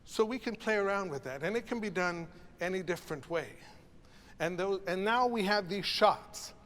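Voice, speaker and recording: A man's voice: high voice, animated, normal speed, fairly bright tone, a little hiss or hum. A man conducting a choral masterclass, coaching singers in an encouraging, reflective way. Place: rehearsal hall with a choir. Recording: reverberant hall, faint ambience.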